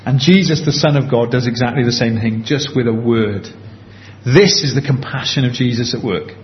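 A man preaching a sermon in an earnest, conversational way, slowing down on key points. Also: mid-range voice. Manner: earnest, conversational, slows down for emphasis. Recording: dull lo-fi with faint background hiss.

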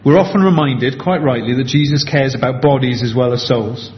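A man preaching a sermon in an earnest, conversational way, slowing down on key points. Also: medium pitch. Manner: earnest, conversational, slows down for emphasis. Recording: dull lo-fi with faint background hiss.

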